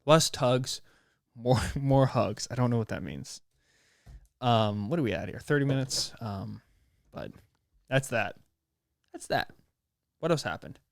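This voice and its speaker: Young man, podcast host, slangy and rambling, dry close sound, mid pitch. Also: a little slow, gravelly, pauses often, no room sound. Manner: rambling, animated, slangy, with playful put-on voices. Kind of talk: casual solo podcast monologue.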